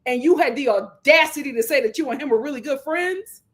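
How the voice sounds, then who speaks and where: A young adult woman hosting a reality TV recap, talking in an animated, sarcastic way and mocking the people she discusses. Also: sits high, fairly quick. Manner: animated, sarcastic, mocking impressions, breaks into laughter. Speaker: commentary channel host.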